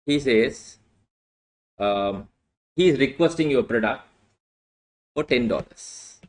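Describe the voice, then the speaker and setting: A man's voice: medium pitch, expressive, slow, a little mellow, rough recording. A male lecturer teaching a class, often asking "what?" and answering himself. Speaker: accounting lecturer.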